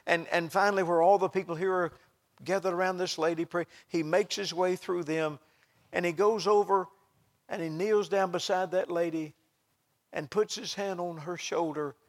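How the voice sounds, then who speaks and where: A male pastor telling a story in a sermon, dropping soft then rising loud and emphatic. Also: high-pitched, fairly even intonation, moderate pace. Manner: swings from hushed to loud, emphatic. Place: church.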